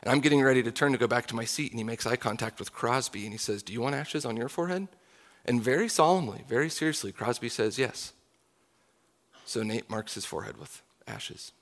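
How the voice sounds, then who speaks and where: A man's voice: medium pitch, fast, few pauses. A man in his thirties, a pastor preaching a sermon in an earnest, confessional way. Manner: earnest, confessional, closing in soft prayer.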